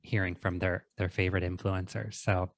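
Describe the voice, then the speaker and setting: A man in his forties hosting a podcast, relaxed in casual chat and quick to laugh. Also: sits low, no echo, clean studio sound. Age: 40s. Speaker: podcast host.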